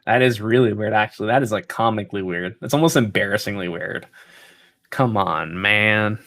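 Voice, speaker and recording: A man's voice: on the low side, normal speed, creaky, a bit bright, no room sound. A man hosting a casual livestream and answering viewer questions in an easygoing way. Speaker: PC company livestream host.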